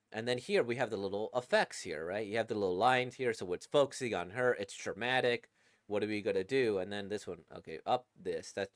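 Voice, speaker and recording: A man's voice: on the low side, dry recording, studio quality. A man giving casual, chatty commentary while reading a manga, enthusiastic and full of fillers. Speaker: manga reaction creator.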